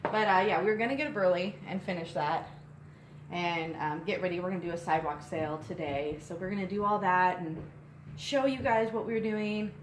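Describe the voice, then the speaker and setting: A woman's voice: on the low side, a little fast. A young woman chatting casually on a live stream as co-host, out of breath and rambling with lots of fillers. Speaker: co-host and shop co-owner. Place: inside a small shop. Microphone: phone on a tripod. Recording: echoey room with faint noise.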